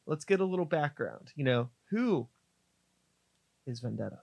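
An interviewer asking casual, prompting questions in a relaxed way. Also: medium pitch, moderate pace, vocal fry.

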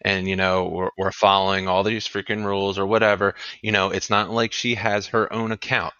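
A man's voice: sits low, level tone, normal speed, clean tone, no echo. A man in his late thirties, a podcast host, ranting angrily and swearing constantly in a casual podcast talk. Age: 30s. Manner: furious, swearing, forceful. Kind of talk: angry profane rant. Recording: dull lo-fi dry sound.

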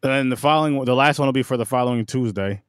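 Chill dude rating movies on a podcast, dry close sound, average pitch. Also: male voice, fast, clean tone, no room sound. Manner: laid-back, talks through opinions with fillers and swearing. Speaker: podcast co-host. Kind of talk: casual movie review chat.

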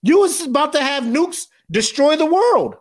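Guy cohosting a podcast, swears a lot, pitch jumps all over while he acts out movie bits. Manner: animated, profane, acts out scenes in quick voices. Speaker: podcast co-host. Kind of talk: casual chat.

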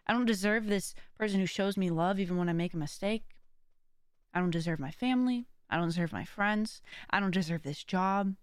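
A woman hosts a casual, faith-centered pep talk in a clear, smooth, mid-pitched voice. She sounds earnest and encouraging, filling her sentences with "like" and "kinda". The recording is dry and close. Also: fairly quick, no echo. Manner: chatty, full of "like" and "kinda". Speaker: podcast host.

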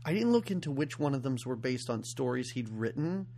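A man's voice: mid-range voice, big pitch swings, brisk, dark tone, a little hiss or hum. A man co-hosting a casual movie podcast, rambling loosely and laughing often between thoughts. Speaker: podcast co-host. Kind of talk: casual film podcast chat.

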